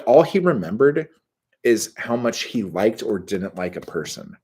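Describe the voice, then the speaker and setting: A man with a deep, slightly husky voice talks off the cuff, loose and profane. He piles up filler words as he spins stories and reacts to his live chat. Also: lively intonation, moderate pace, darkish tone. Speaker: host answering live chat. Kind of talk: casual storytelling chat.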